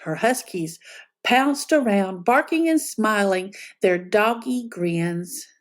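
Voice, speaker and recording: A woman reading a picture book aloud to children, telling it as an expressive storyteller. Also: mid-range voice.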